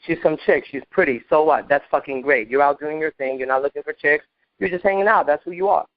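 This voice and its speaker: Man, high voice, emphatic and profane, acting out dialogue, dry dull recording. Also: fast, no echo. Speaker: podcast co-host giving dating advice. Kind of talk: animated casual advice talk.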